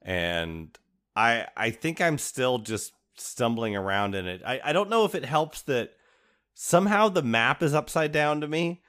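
A man hosting a casual chat, relaxed and halting, with restarts and laughs. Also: medium pitch. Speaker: host.

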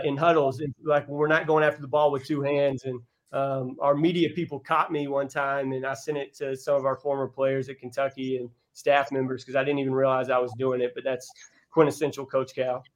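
A man's voice: mid-range voice, little pitch movement, a little fast. A man in his thirties, a basketball coach, talking earnestly as a guest in a casual interview. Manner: earnest, reflective storyteller.

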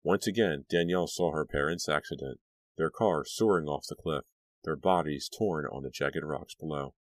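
Male audiobook reader, very deep voice, dramatic, dry studio sound. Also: moderate pace, dry recording. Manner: expressive, dramatic reading. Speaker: audiobook narrator. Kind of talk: scripted narration.

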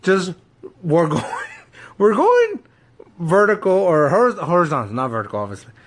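Excitable man telling a story. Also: a little high, brisk. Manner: excitable storytelling with frequent restarts and laughs. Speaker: podcast co-host. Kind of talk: casual chat.

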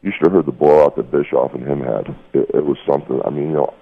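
Deep, husky middle-aged man heard over a tinny phone line. He tells his story in a heated, profane rush, dropping "brother" as he goes. The voice sits very low and rough. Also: fairly even intonation, fast. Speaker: guest. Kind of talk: casual phone interview.

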